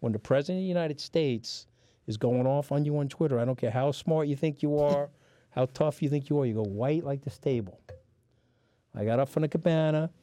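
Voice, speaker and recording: A man's voice: medium pitch, brisk, dark tone, dry recording. Blunt, swearing New York man. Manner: blunt, combative, swears freely. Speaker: podcast guest. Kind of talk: profane storytelling in casual chat.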